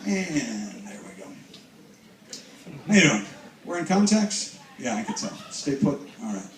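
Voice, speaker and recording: A man performing as a stage hypnotist. He gives slow, soothing trance commands and mixes them with upbeat banter with the audience. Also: fairly low pitch, animated. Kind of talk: live stage hypnosis show. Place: cruise ship show lounge with live audience. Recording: echoey room from far off, loud crowd and noise.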